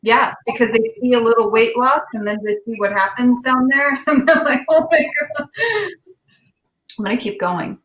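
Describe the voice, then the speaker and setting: A woman doing a stand-up comedy set in a casual, unhurried way, laughing at her own jokes. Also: a little high, a bit bright, roomy sound, rough recording.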